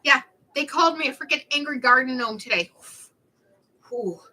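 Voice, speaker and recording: A woman's voice: high-pitched, animated, normal speed, bright, forceful tone, low-quality recording. A young woman chatting casually on a livestream, telling rambling stories in a snarky, talkative way.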